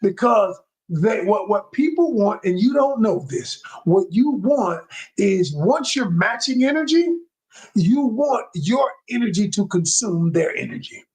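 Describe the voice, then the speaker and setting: A man with a husky, slightly breathy voice gives a motivational coaching talk, his pitch swinging up and down with lively emphasis. He speaks straight to his listeners, repeats key lines for effect, and now and then drops his voice low to show calm. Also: measured pace, poor audio. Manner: emphatic and repetitive, addresses listeners directly. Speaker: communication coach.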